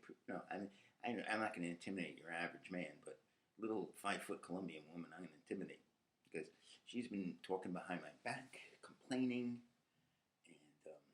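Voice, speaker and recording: Gravelly, ranting New man in his fifties. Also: sits low, a bit bright. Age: 50s. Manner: ranting, profane, laughs often. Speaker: podcast host. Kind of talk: rambling monologue.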